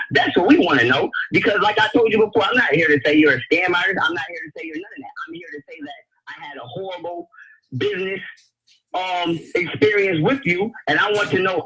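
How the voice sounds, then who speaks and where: Fast-talking angry caller, high and swinging, pressing his point; muffled line, loud crowd behind. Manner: confrontational, repeats questions, curses. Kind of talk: heated call-in argument. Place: phone call into a live online radio show.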